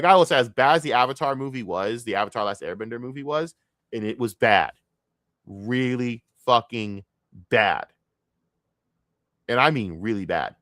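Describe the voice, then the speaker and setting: A man ranting in a casual, profane stream rant, jumping from loud outbursts to low grumbling. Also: no echo, clean studio sound. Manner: profane, excitable, swings between loud outbursts and mutters.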